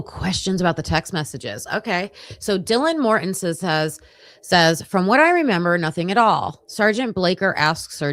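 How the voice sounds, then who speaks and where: Lower-pitched woman reading case files aloud. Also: no room sound, clean studio sound. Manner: thinks aloud while skimming pages, hesitant restarts. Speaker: true-crime livestream host. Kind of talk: casual live commentary reading case documents aloud.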